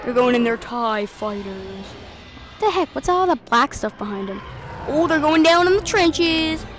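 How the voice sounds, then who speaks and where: Excitable high-voiced woman gaming host. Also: slight background noise. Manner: excitable, playful, quick to shout and mimic characters. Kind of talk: let's play commentary.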